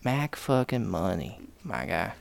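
A man's voice: low voice, big pitch swings, a little slow, gravelly. A man co-hosting a podcast, chatting loosely and swearing, while putting on a joking country accent. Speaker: podcast co-host. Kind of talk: casual chat.

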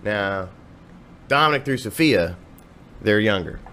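A man's voice: fairly low pitch, animated, a little slow, bright, forceful tone, slight background noise. A man from Ohio, a musician guesting on a podcast, telling rambling, profane stories in casual chat.

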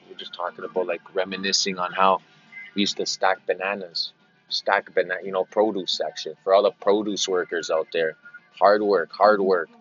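Low-voiced man rambling on a lo-fi podcast. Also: little pitch movement, a little fast, a bit bright, husky, faint music behind. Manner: meandering, repeats phrases, slips into silly greeter voices. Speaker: podcast host. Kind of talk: rambling casual monologue.

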